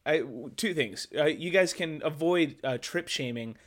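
A man trading quick deadpan jokes in a casual podcast chat. His voice sits a little higher than most men's. He delivers gags in a dry, offhand way. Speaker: podcast co-host.

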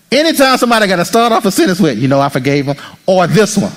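Guy pastor preaching, high voice jumping all over, jokes around with the church. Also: rapid-fire, hardly any pauses. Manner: animated preaching, acts out congregants' inner voices; jokes and teases the congregation. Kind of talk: sermon.

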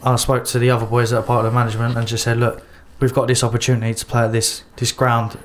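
A man's voice: mid-range voice, completely flat delivery, fast talker. Man, amateur team manager, chatty, stumbling sentences. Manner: rambling, many restarts. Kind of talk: casual interview answers.

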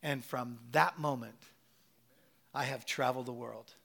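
A middle-aged man preaching a sermon, animated and telling a personal story with acted-out quotes. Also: mid-range voice, unhurried, gravelly.

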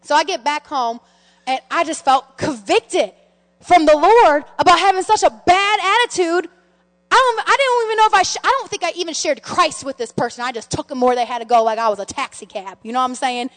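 A middle-aged woman pastor telling personal stories in a sermon, animated and full of restarts, calling her listeners friends. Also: high voice, brisk. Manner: animated storytelling, many restarts, addresses the congregation as friends. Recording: long hall reverb.

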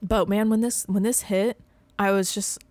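A woman in her thirties co-hosting a relaxed podcast chat, her talk loose and rambling, peppered with "like" and little bursts of laughter. Her voice sits at an ordinary middle pitch for a woman, and the sound is dry and close, with no room echo. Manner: bubbly, rambling, full of "like" and quick laughs. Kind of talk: casual chat.

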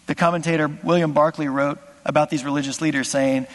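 A man preaching a sermon as pastor, impassioned, swinging from loud exclamations to hushed asides. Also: on the high side, fairly even intonation, a little fast, hardly any pauses, big-room sound.

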